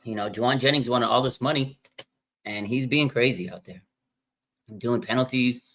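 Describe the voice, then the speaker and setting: A man's voice: mid-range voice, normal speed, a bit bright, slight background noise. A young man, a fan streamer, venting in a casual live-stream rant, repeating himself and calling out "man" and "dude".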